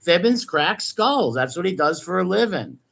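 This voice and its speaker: A man's voice: high voice, sing-song, normal speed, vocal fry, a bit bright, slightly rough. A man hosting a live stream, mocking clips he plays with sarcastic, profane commentary. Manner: sarcastic, profane, laughs often. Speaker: host reacting to clips.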